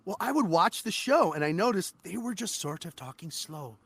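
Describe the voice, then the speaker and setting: Animated guy w/ a raspy fry voice, swears a lot, voice actor telling stories on a podcast. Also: high-pitched, normal speed, no echo. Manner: animated, profane storyteller. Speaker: voice actor guest. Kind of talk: casual interview chat.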